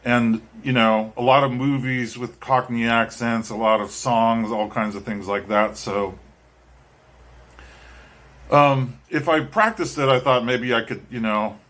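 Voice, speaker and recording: A man chats casually to his viewers, drifting from thought to thought. He hesitates often, filling gaps with ums and restarting his sentences. His pitch sits at an ordinary middle for a man. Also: steady tone, measured pace, fairly bright tone. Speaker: vlogger and musician. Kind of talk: casual talk to camera.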